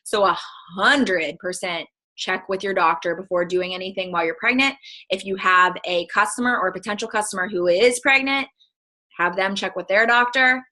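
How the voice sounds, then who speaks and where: Bright-voiced chatty woman presenting. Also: medium pitch, normal speed, poor audio. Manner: emphatic and chatty, repeats warnings. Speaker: network marketing presenter. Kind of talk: casual presentation on a video call. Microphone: video call.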